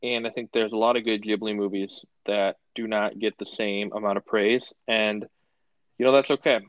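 A man's voice: lowish voice, steady tone, moderate pace, no room sound. A young man co-hosting a podcast, chatting casually with dry, offhand remarks. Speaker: podcast co-host. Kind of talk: casual chat. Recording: dry, dull lo-fi audio.

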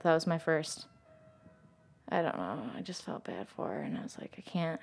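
A young woman telling her own story in casual chat, filling nearly every phrase with "like" and swinging between loud and hushed. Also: low voice, sing-song, normal speed.

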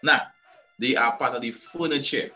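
A man's voice: medium pitch, normal speed, bright, forceful tone, soft background music. A man hosting a live show, talking emphatically and repeating words as he builds his points. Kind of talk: casual chat. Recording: dull lo-fi audio.

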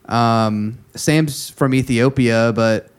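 Male podcast co-host, loose conversational delivery, halting with fillers. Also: medium pitch, clean tone. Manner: rambling, many fillers and restarts. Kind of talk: casual music chat.

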